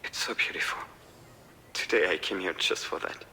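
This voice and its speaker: A troubled man in a narrative game, with a fairly low voice and a strained, confessional delivery. He sounds like he is finally letting out what he has held back for a long time. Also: moderate pace, sharp tone. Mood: wistful. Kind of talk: video game voice acting.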